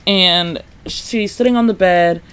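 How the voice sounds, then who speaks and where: High-voiced chatty man podcasting. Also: slow pace, smooth. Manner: chatty, says "like" often, laughs a lot; animated, acts out characters' lines. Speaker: podcast host. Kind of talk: casual solo podcast retrospective.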